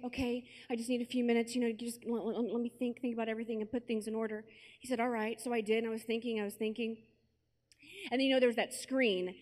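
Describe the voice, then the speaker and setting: A young American woman giving a personal testimony at a conference, telling her story with lively acted-out asides and quotes. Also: on the high side. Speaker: conference speaker. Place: large conference hall with an audience.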